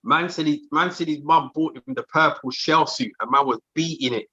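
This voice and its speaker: A man in casual chat, chiming in quickly to hype up a funny anecdote. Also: on the high side, sharp tone, slightly rough, dry recording, highs cut off. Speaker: podcast co-host.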